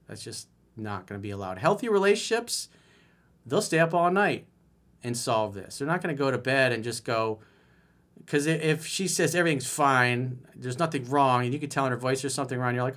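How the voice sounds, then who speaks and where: A man's voice: mid-range voice, animated, a little fast, fairly bright tone. A man giving dating advice as a coach in a solo video, reading a viewer's email aloud and commenting on it bluntly and emphatically.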